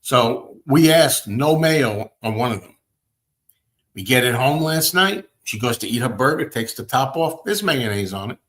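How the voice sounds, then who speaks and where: A man hosting a show, ranting and telling everyday stories in a casual, animated way. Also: mid-range voice, unhurried. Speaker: host. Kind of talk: casual chat.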